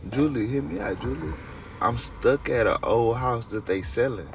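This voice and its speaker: On a late-night livestream, a young man tells loose, wandering stories right to his chat. His voice is gravelly and creaky, mid-range, at a normal speed. It's picked up from a distance by a phone sitting a little away, with a low hum in the background.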